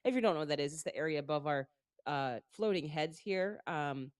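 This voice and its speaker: A woman's voice: low voice, animated, a little fast, no room sound, studio quality. A woman co-hosting a casual live chat, congested from a sinus cold, chatty and explaining things step by step. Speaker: co-host.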